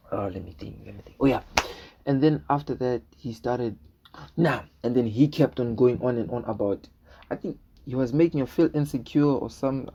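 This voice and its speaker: In a lo-fi recording, a young man with a mellow, husky, mid-range voice casually tells a storytime vlog. He rambles, repeats words, and keeps asking "right?" while acting out what people said.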